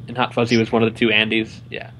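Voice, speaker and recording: A man's voice: on the low side, monotone, fast, fairly bright tone, slight background noise. A young man co-hosting a film review show, rambling in casual chat and filling his sentences with "like". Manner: rambling, heavy use of "like".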